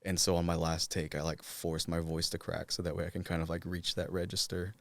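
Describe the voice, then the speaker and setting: A young man from the Cherokee Nation with a deep, low voice talks loosely as a guest in a casual interview, filling his sentences with "like"s and small restarts. The sound is close and dry, with no room around it. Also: completely flat delivery, brisk, vocal fry, dry recording. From Cherokee Nation, Oklahoma. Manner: loose, filler-heavy talk, many "like"s. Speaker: voice actor guest.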